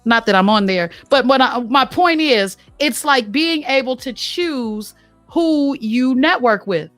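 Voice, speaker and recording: Talkative woman host, a bit high-pitched, easy laughs, dry close sound. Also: a little slow, no echo, soft background music. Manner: lively, talkative, laughs often. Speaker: podcast host. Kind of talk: casual interview chat.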